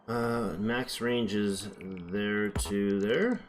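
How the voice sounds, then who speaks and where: A man's voice: lowish voice, fairly even intonation, very slow, a little hiss or hum. A man giving casual gameplay commentary, chatty and thinking aloud as he builds, now and then slipping into playful accents. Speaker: gameplay streamer.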